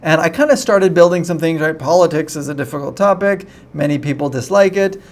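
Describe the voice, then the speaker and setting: A man's voice: on the high side, a little fast. A young man teaching an online English lesson in a chatty way, often checking in with "right?".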